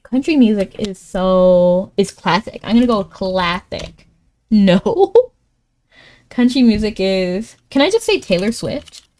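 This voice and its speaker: A woman streaming live in casual chat, thinking aloud as she plays a word game, laughing often and jumping up in pitch when excited. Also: takes it slowly.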